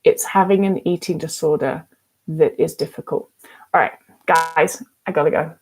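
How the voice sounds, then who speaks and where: A woman's voice: low-pitched, steady tone, normal speed. A woman, giving frank, emphatic advice as a recovery coach in a casual vlog and swearing freely. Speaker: eating disorder recovery coach.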